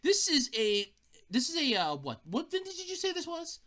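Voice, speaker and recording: A woman's voice: high voice, wildly swooping pitch, moderate pace, a bit bright, pitched above the performer's own voice, heavily acted. Woman putting on a pompous posh diner. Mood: haughty. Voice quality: haughty, overly refined. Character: pompous posh fine-dining customer.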